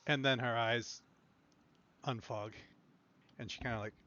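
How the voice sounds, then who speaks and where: A man's voice: medium pitch, steady tone, a little slow, bright, forceful tone. A man narrating as game master in a loose, casual way, full of fillers, with dull lo-fi sound. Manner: loose, filler-heavy description.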